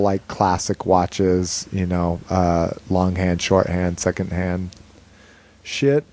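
Laid-back low-voiced guy podcasting. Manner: relaxed, rambling, many fillers and casual swearing. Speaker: podcast co-host. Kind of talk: casual podcast chat.

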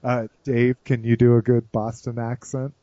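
A man's voice: medium pitch, level tone, normal speed, warm tone, no room sound, highs cut off. A man hosting a toy podcast in casual chat, rambling and self-mocking with many fillers. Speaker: podcast host.

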